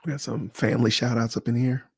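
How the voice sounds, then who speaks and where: Gravelly man casually chatting on a livestream. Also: medium pitch, fast, no echo, clean studio sound. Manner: animated, talks to chat viewers by name, slangy. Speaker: livestream host. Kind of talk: casual livestream chat reading comments.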